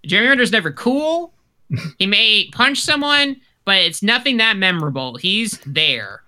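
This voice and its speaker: Bright-voiced opinionated man. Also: high voice, normal speed. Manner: opinionated, animated, repeats words when starting. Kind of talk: casual chat.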